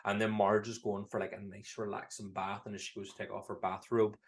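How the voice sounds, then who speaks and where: A man with a Northern Irish accent, co-hosting a casual podcast chat, animated, acting out quotes and laughing often. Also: on the low side, fairly quick. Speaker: podcast co-host.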